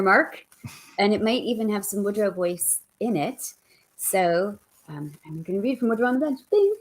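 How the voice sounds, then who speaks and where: A woman author speaks in a lowish, slightly deeper voice with a playful, animated manner. She pokes fun at herself, and she shifts from lively chat into reading her book aloud. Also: poor audio. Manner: animated, playful, self-deprecating. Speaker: author, guest. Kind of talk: conversational interview and reading aloud.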